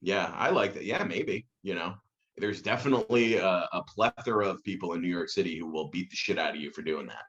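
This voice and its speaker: Tief sprechender Mann, lebhafter Geschichtenerzähler. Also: male voice, brisk, lo-fi sound. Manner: animated storyteller, swears, acts out quotes in big pitch jumps. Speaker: podcast guest. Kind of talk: casual podcast chat.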